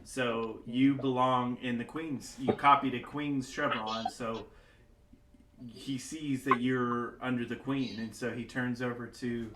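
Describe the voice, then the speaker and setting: A man's voice: medium pitch, steady tone, takes it slowly, background noise. A man narrating as a game master in a casual way, full of fillers and asides. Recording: echoey home setup.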